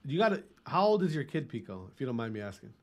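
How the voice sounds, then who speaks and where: Sing-song and quick, his mid-range voice carries as this thirty-something streamer from Wisconsin in the Midwest hangs out with his live chat. He's loose and profane, saying hi to viewers by name.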